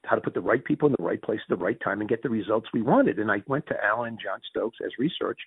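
A middle-aged man with a Northeastern US Yankee accent, telling business stories in an interview with fast, excitable restarts and acted-out dialogue. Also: slightly rough, no echo. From Northeastern United States. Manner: fast, excitable, restarts sentences, acts out quoted dialogue with big pitch jumps. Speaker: interviewee, former mayor and finance executive. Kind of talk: animated storytelling in conversation. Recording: tinny, phone-like dry sound.

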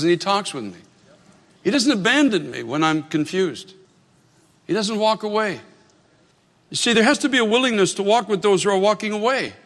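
A man's voice: sits high, fairly bright tone, in a large hall. A man preaching a sermon as pastor, telling stories earnestly and repeating phrases for emphasis.

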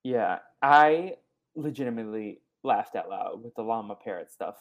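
A man hosting a podcast, recapping a movie in a casual, animated way and acting out the characters' lines. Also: fairly low pitch, normal speed, dull audio. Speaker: podcast host.

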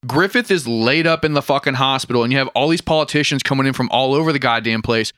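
Bright, crisp-voiced man swearing in casual chat. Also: mid-range voice, fast talker, no room sound, clean studio sound. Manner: blunt, laughing, swears freely. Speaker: podcast co-host. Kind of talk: casual profane chat about a manga.

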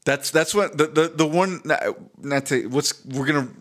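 Profane, animated man chatting casually. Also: fairly high pitch, moderate pace. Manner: animated, profane, jokey, trying on accents mid-sentence. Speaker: podcast co-host. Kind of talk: casual chat.

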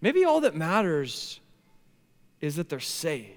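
A man in his thirties preaching a sermon as a pastor, animated, swinging from hushed tones to near shouting. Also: on the high side, takes it slowly. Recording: long hall reverb.

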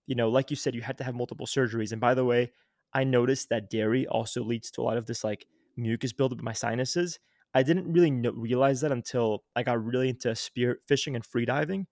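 A man's voice: medium pitch, darkish tone, dry recording, clean studio sound. A young man, a podcast guest and health coach, giving earnest casual advice, with frequent "like" and restarts. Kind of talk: casual instructive interview talk.

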